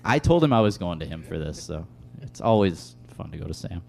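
A man's voice: low-pitched, very animated, a little fast, vocal fry, darkish tone, faint music behind. A man preaching a casual, conversational sermon to a room, with frequent fillers. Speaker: pastor. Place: room with tables and an audience.

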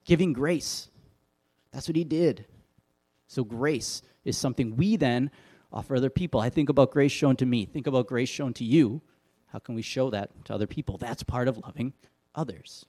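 A man's voice: medium pitch, moderate pace, mellow. Guy preaching, mid-range voice, laid-back storytelling, pokes fun at himself. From Wisconsin, USA. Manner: conversational storytelling with self-deprecating humor. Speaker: pastor. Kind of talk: sermon.

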